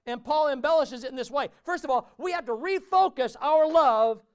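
A man's voice: very high voice, normal speed. A man preaching a conversational sermon in a church, often asking his listeners questions. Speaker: pastor.

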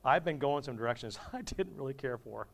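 A man's voice: mid-range voice, animated, a little fast, vocal fry. Joking, conversational male preacher. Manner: humorous, conversational, asks the congregation. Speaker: pastor. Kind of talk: sermon.

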